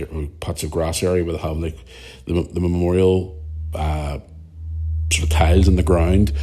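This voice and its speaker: A man talks alone into his podcast mic. His voice sits very low and sounds husky and rough. He rambles and gets emotional, and he swears freely. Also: darkish tone. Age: 40s. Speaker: podcast host. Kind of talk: casual monologue.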